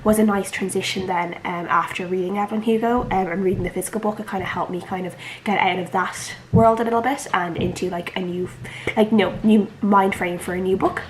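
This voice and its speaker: A woman's voice: mid-range voice, steady tone, fairly quick, slight background noise, poor audio. Chatty Irish woman. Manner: chatty, rambling, lots of filler words. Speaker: book vlogger. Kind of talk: casual chat.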